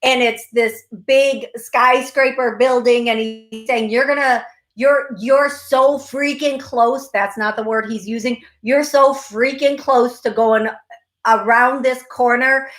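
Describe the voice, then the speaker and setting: Effusive psychic host, high voice. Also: female voice, a bit bright. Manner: effusive, emphatic, repeats phrases. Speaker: psychic medium radio show host. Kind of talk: call-in psychic reading.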